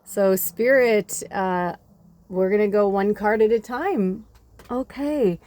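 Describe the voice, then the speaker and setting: A woman giving a casual tarot reading, chatty and rambling, swearing casually and sometimes dropping into soft whispers. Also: mid-range voice, takes it slowly. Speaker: tarot reader and medium.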